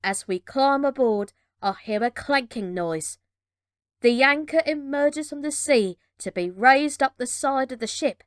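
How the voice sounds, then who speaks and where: A woman reading a children's adventure storybook aloud with measured, dramatic narration. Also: high-pitched, expressive, dry recording, studio quality.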